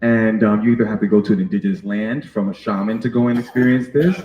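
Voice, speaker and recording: A man's voice: lowish voice, steady tone, fast, roomy sound, lo-fi sound, a little hiss or hum. A man who works as a sound healer, talking in an earnest, reflective way as a podcast guest. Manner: earnest, reflective, many fillers. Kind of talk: casual interview conversation.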